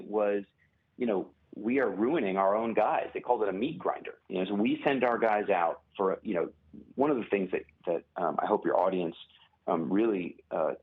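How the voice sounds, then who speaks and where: Husky low-voiced man on a phone line. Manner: measured, many pauses and restarts. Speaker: author and journalist guest. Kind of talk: phone interview.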